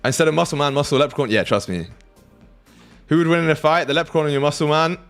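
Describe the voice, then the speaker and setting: A young British man runs a live trading stream, bantering casually with viewers, joking, swearing freely and laughing often. His voice sits a little high and fairly bright, and he talks fast. Soft music plays in the background.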